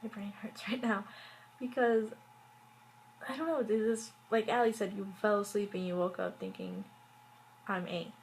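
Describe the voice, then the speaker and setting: A woman's voice: mid-range voice, expressive, moderate pace, pauses often, a little hiss or hum, rough recording. Rambling woman recapping a show. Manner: rambling, heavy use of "like" and fillers; wry, exasperated asides. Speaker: TV show reviewer. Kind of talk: casual recap vlog.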